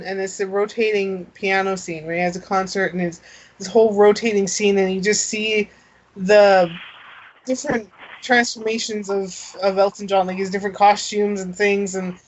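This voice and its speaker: Woman co-host chatting slow and easy, laughs a lot, kinda dull lo-fi sound. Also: mid-range voice. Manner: laughs often, halting with restarts. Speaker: podcast co-host. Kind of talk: casual chat.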